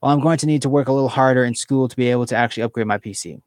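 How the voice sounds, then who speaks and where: A male streamer chats casually with his viewers and reads out their comments as he goes. He rambles, restarts his sentences and leans on fillers, at a middling pitch. The sound is dry and close, as from a desk microphone in a small room. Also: fairly even intonation, very fast, no echo.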